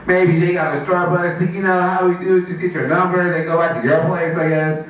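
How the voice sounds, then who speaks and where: A man doing rambling stand-up at an open mic, packing his stories with "like" and squeaky quoted voices. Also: steady tone, fairly quick, far from the mic, muffled recording. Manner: rambling, fillers of "like", high mock voices for quoted friends. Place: small open mic venue. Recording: very echoey room, mic from afar.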